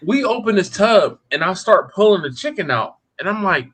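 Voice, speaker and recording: A man's voice: sits high, moderate pace, slightly rough. A man hosting a live group chat, telling a story and acting out the people in it, with frequent restarts. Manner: animated, acts out the people in his stories; repeats and restarts words as he talks. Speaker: barbecue cook and show host.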